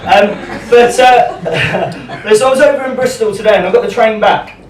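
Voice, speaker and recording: A young English man with a high-pitched voice and moderate pace performs a live stand-up set at a small pub comedy club, chatty, self-deprecating, and rambling with plenty of ums. He uses a handheld stage mic, captured at a distance in a roomy club with audience noise and crowd sounds.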